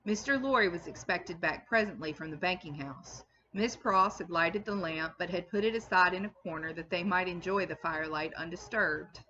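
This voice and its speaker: A woman's voice: on the low side, normal speed, hardly any pauses, pushed and bright, dull audio, a little hiss or hum. A woman English teacher reading a classic novel aloud and stopping to explain it to her students in plain terms, with a few ums.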